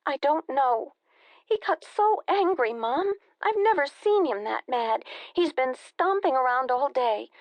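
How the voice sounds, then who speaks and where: A woman narrator voicing an anxious young married woman, hushed and strained, close to tears. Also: high-pitched, lively intonation, measured pace, dry recording, lo-fi sound, voice pushed up. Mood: upset.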